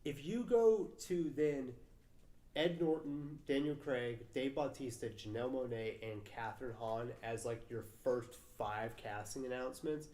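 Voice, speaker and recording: A man's voice: medium pitch, unhurried, dark tone. Rambling young man in an echoey room. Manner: rambling, swears a lot, many fillers. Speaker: podcast co-host. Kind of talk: casual film chat. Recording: roomy echo.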